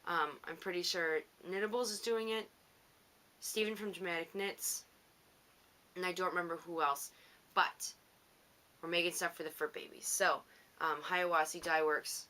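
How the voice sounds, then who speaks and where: A woman's voice: fairly low pitch, steady tone, moderate pace, long pauses, sharp tone. A woman hosting a knitting podcast from home, chatting casually in a rambling, self-teasing way and laughing easily. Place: home on the coast.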